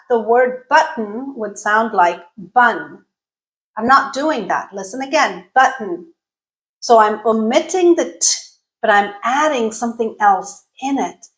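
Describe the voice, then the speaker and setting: A woman giving a video lesson on English pronunciation, explaining clearly and deliberately and demonstrating sounds slowly. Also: a little high, a bit bright, rough recording.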